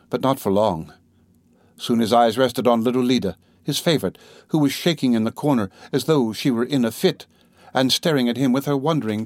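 A man reads a classic novel in a measured, steady manner with a mid-range voice. The recording is close and dry, with no room echo. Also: medium pitch. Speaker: audiobook narrator. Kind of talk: scripted literary narration.

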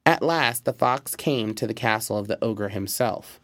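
A man narrating a fairy tale in a measured, expressive storybook reading. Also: lowish voice, dry recording.

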